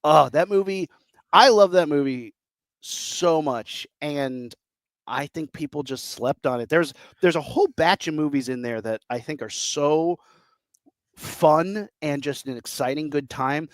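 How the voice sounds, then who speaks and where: An excitable man in his thirties chats about movies as a podcast co-host. He talks in a rambling, enthusiastic way and slips into voices to act out quotes. His voice sits a bit high, and it is caught dry and close on the mic. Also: unhurried, no echo. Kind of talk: casual chat.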